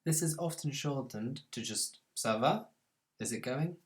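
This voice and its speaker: A man gives a scripted French lesson in a mid-range voice. He says each French phrase slowly and with stress, then explains it in a calm, plain way. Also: mid-range voice. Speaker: French language teacher.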